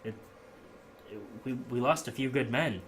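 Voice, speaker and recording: A blunt, serious woman mayor in a tabletop game, as a man puts her on. She speaks in a bright, forceful voice with level, everyday pitch and clipped, businesslike phrasing. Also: moderate pace, a little hiss or hum, close to an everyday voice. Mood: stern. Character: stern no-nonsense female town mayor.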